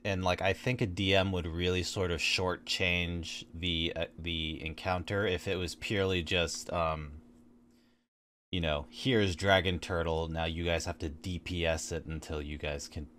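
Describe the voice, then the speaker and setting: A man co-hosting a casual podcast chat about tabletop games, speaking in a deliberate, measured way with pauses. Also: deep voice, fairly bright tone, slight background noise. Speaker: podcast co-host.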